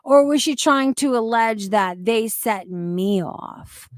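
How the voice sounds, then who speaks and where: Blunt, sarcastic woman streamer; unhurried, higher pitch, dry close sound. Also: lively intonation, dry recording. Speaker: reaction streamer. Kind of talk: live stream commentary.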